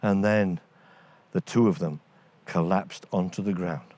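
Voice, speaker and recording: A man narrating a children's bedtime story in a lively voice, putting on voices for the characters. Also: deep voice, a little slow.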